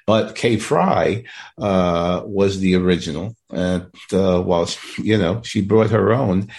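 A man co-hosting a casual fan podcast, talking with many pauses, fillers and restarts. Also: low-pitched, creaky, darkish tone. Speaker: podcast co-host.

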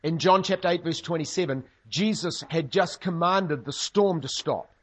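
A man's voice: on the high side, normal speed, breathy edge. A man preaching a sermon, telling stories with humorous asides. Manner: humorous storytelling, lively asides. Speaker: pastor.

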